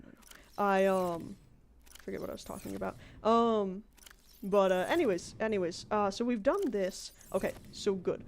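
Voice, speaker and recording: A woman's voice: medium pitch, darkish tone, slight background noise. An American woman streaming a game, chatting casually with her viewers and thinking aloud at length as she plays. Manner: rambling, thinks aloud while playing. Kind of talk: casual livestream chat.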